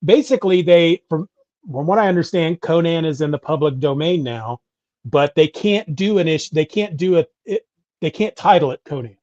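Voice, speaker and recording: Middle-aged man, podcast co-host, rambling casual chat, slightly high voice, dry dull sound. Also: expressive, moderate pace, a little mellow, dry recording. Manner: rambling, self-correcting, chatty. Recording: dull lo-fi audio.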